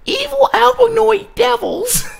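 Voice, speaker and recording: A man putting on a mocking impression of a ranting woman with a shrill, nasal falsetto. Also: unhurried, gravelly, exaggerated voice. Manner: mocking, exaggerated.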